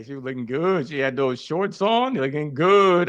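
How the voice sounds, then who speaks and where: Speaking briskly and with animation in a slightly bright voice, a man tells his faith story as a guest, calling listeners fellas and folks. He acts out conversations with big jumps in pitch. The recording is dry, with the highs cut off.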